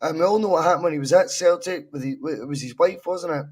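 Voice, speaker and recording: A man's voice: fairly high pitch, fast, darkish tone. A Scottish man in a casual football podcast chat, blunt and opinionated, swearing freely. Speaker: podcast co-host.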